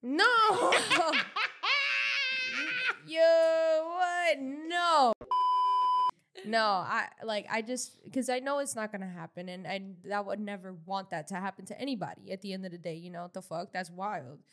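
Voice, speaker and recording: A woman co-hosting a casual commentary podcast, talking in an animated, slangy way with many restarts. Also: medium pitch, fairly quick, few pauses. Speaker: podcast co-host.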